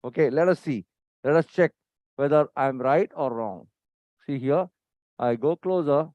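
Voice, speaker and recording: A medium-pitched, slightly mellow male voice comes through a dry, dull lo-fi recording from an operating theatre. Teaching a surgery live, he checks in with questions, quizzes listeners, and keeps repeating "see here" and his pointers, all while being brisk and impatient with staff.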